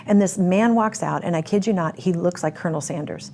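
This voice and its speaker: A woman recounts her past in a sit-down interview, her voice sitting low for a woman. She speaks emphatically, acting out what others said and repeating words to drive a point home. A faint noise hums behind her. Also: fairly quick, darkish tone. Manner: emphatic, acts out quoted speech, repeats words for effect. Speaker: interviewee telling her life story. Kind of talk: personal testimony in a sit-down interview.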